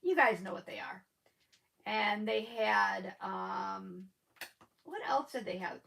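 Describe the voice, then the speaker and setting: A woman's voice: mid-range voice, animated, takes it slowly, creaky, a bit bright, rough recording. A woman with a noticeable lisp hosting a live stream, chatting casually and rambling with her viewers, laughing often.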